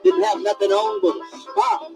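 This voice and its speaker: A hollering country witness. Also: male voice, high voice, huge pitch swings, moderate pace, low-quality recording. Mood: excited. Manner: hollering, drawling storyteller. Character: excitable country man eyewitness. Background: music from a record.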